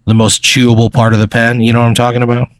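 A man's voice: mid-range voice, completely flat delivery, very fast, dry recording. A man narrating a tabletop game as game master, rambling with many fillers. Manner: rambling, filler-heavy storytelling.

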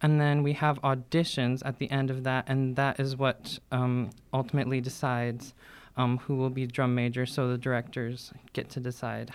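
A teenage boy answers as a guest on a school podcast in a matter-of-fact way. His voice is smooth and resonant but stays very level in pitch, with an "um" here and there. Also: moderate pace. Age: teens. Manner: matter-of-fact, even delivery with "um"s. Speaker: student drum major guest. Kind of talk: casual interview answers.

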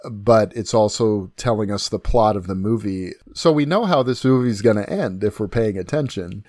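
Man, low voice, dry close sound, casual film chat, rambling. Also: darkish tone, no echo. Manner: fast, rambling, many restarts. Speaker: podcast co-host.

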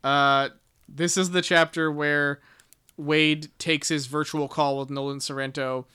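A man's voice: fairly high pitch, flat delivery, a little slow, sharp tone, clean tone. A man co-hosting a casual book podcast, summarizing a chapter in a rambling, profane way with lots of fillers. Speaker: podcast co-host.

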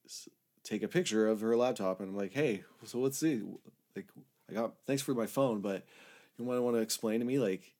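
A man casually telling a personal story in a rambling, candid way, swearing a lot and shifting between loud outbursts and low mutters. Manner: rambling, candid, heavy swearing, frequent "like" fillers. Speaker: storyteller recounting his own past.

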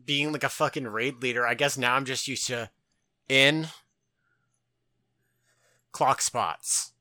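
A man's voice: mid-range voice, fairly even intonation, slow pace, sharp tone, dry recording. A man co-hosting a podcast in casual chat, laughing and swearing often, with many restarts. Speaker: podcast co-host.

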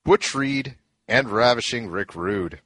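A man's voice: mid-range voice, animated, slow pace, a bit bright, no echo. A man co-hosting a casual podcast, eagerly recounting old events and laughing often. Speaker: podcast co-host. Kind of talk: casual storytelling chat.

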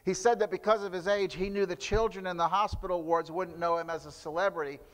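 A man's voice: high voice, steady tone, quick pace, fairly bright tone, big-room sound. A man preaching a sermon, telling stories with frequent restarts and fillers. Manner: storytelling with repeated restarts and fillers. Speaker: pastor.

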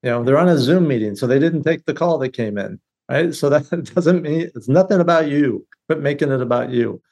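A man's voice: fairly high pitch, a little fast, a little mellow. A man who is a guest on a podcast interview, speaking bluntly and with energy, often restarting his phrases. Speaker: guest, real estate business leader. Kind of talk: casual interview conversation.

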